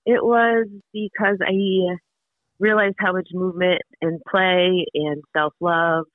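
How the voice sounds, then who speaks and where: A woman guest in a casual podcast interview sounds bubbly and enthusiastic, chatting away with lots of fillers. Her fairly low voice keeps a fairly even intonation and takes things slowly. The tinny, phone-like remote call line has no echo.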